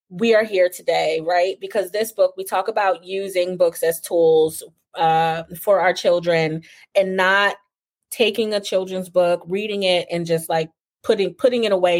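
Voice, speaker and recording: A woman hosting a casual interview chat, talking in a relaxed, filler-heavy way with frequent laughs. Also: on the low side. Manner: chatty, warm filler-heavy talk with laughs. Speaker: host.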